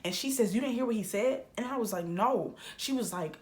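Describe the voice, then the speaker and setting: A young woman vlogger telling a casual storytime, animated and acting out every quote with big jumps in her voice. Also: fairly high pitch, fairly quick.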